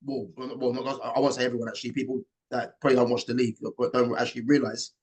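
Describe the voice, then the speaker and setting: A man's voice: mid-range voice, level tone, quick pace, slightly rough. A man hosting a casual football chat, talking in an emphatic, opinionated way. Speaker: host.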